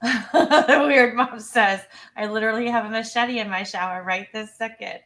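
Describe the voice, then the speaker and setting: A woman's voice: medium pitch, moderate pace, fairly bright tone. A woman hosting a true crime livestream, chatty and giggly, reading viewer comments aloud. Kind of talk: casual livestream chat.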